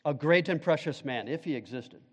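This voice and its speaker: A man's voice: on the high side, moderate pace, in a large hall, lo-fi sound. A male pastor preaching a sermon, emphatic, putting questions to the congregation.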